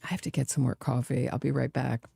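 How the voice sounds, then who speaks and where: A sarcastic woman hosting a true crime stream, talking with open scorn. Her voice is gravelly and dark, and she sits close to the mic in a dry, dead room. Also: a bass voice, little pitch movement, fast, no room sound. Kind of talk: live reaction commentary.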